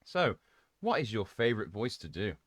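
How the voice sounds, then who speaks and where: Excitable host with a light Birmingham accent. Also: male voice, lowish voice, moderate pace, no room sound, clean studio sound. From Birmingham, England. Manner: laughing, excitable, rambling. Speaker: streamer host. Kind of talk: casual interview chat.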